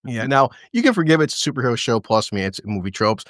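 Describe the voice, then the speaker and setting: A man's voice: medium pitch, fast talker, dry recording, clean studio sound. A man hosting a casual chat about a TV episode, retelling scenes and quoting lines with laughs. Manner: animated retelling with quoted voices and laughs. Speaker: podcast host. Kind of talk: casual show recap chat.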